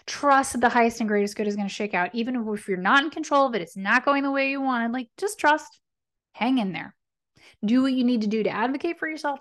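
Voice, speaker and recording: Upbeat woman giving a tarot reading. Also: fairly high pitch. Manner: animated, encouraging, checks in with frequent "right?" and "okay?"; speaks affirmations with conviction. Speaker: tarot reader and podcast host. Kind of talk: casual spiritual guidance talk.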